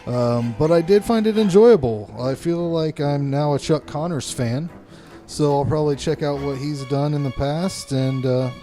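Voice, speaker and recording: Guy cohosting a horror movie podcast, kinda high voice, laughs a lot, swears casually. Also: moderate pace, mellow, soft background music. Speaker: podcast co-host. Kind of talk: casual movie review chat.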